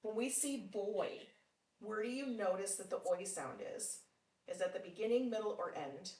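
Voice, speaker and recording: A woman's voice: medium pitch, darkish tone, distant mic. Patient phonics teacher woman, slightly roomy. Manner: patient, encouraging, with frequent praise; slow, deliberate sounding out of words. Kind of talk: one-on-one phonics lesson. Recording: roomy sound from off mic.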